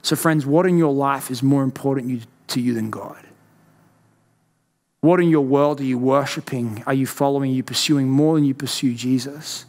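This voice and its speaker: A young man preaching a church sermon with passion, moving between loud outbursts and hushed questions. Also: medium pitch, normal speed. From Australia. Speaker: pastor.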